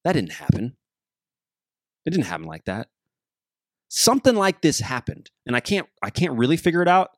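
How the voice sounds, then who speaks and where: A man's voice: on the high side, huge pitch swings, moderate pace, long pauses, no room sound, clean studio sound. A man hosting his podcast alone, rambling casually, joking and losing his train of thought. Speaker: podcast host. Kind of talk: casual solo podcast monologue.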